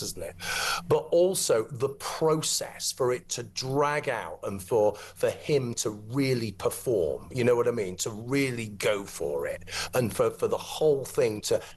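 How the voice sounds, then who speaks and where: A man giving forceful, combative opinions as a talk radio pundit. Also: mid-range voice. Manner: emphatic, combative, fast flowing. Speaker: talk show co-host or pundit.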